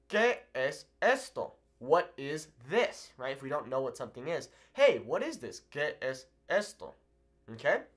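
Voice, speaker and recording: A man teaching a video language lesson at a board, upbeat and animated, checking in often with the viewer. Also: on the high side. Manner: upbeat, animated, keeps asking "okay?". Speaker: Spanish teacher.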